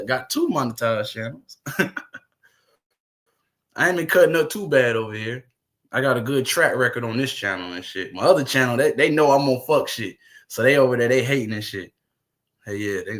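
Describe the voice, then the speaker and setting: With a medium pitch and a fairly bright tone, a man runs his livestream, cursing freely, laughing between comments, and rambling as he addresses viewers.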